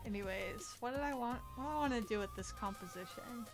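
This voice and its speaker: A woman's voice: a little high, expressive, fast, music in the background. A young woman chatting casually at home while she draws on stream, rambling, laughing often and swearing freely. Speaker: art streamer. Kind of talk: casual chat while drawing.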